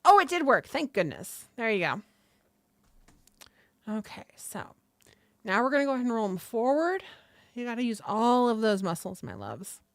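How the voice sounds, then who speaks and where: A woman's voice: on the high side, very animated, normal speed, long pauses, no echo. A woman hosting a casual livestream, talking viewers through stretches, swearing casually and greeting people from the chat, seated at a table with a desk microphone. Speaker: livestream host. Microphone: desk microphone close by.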